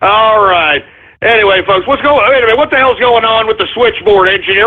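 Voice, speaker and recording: A man hosting a comedic call-in radio show, theatrical and exasperated, with mock whining and shouting. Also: sits high, brisk. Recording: tinny lo-fi broadcast.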